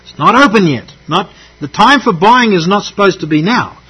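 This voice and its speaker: A man's voice: high-pitched, expressive, moderate pace, bright, forceful tone, breathy edge, rough recording. A man preaching a sermon, teaching through scripture verse by verse and repeating key phrases for emphasis.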